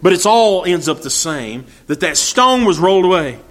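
A man's voice: high-pitched, expressive, normal speed, a bit bright. A man preaching a sermon, asking rhetorical questions and reading scripture aloud in old-fashioned English.

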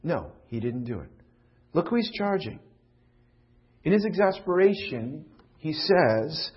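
Pastor preaching with sweeping dynamic swings. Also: male voice, on the high side, very animated, measured pace, long pauses. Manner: swings from loud pleading questions to hushed confiding tones. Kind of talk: sermon. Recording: dull lo-fi recording.

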